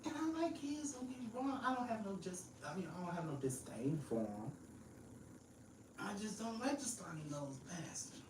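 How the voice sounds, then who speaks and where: A woman's voice: mid-range voice, sing-song, moderate pace, background noise. A woman chatting casually as a podcast guest, blunt and joking, laughing often. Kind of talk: casual chat. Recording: echoey room, mic at a distance.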